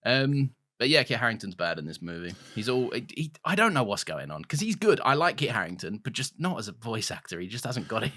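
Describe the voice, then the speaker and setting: A man co-hosting a casual film-review podcast, jokey and animated, swearing freely. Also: mid-range voice, a little fast, few pauses. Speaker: podcast co-host.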